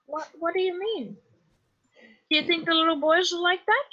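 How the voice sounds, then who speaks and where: Man doing a creepy mob boss, high squeaky comic voice, bright and sharp, dull lo-fi sound. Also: normal speed. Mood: leering. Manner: nasal comic squeak, wheedling. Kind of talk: gaming voice bit.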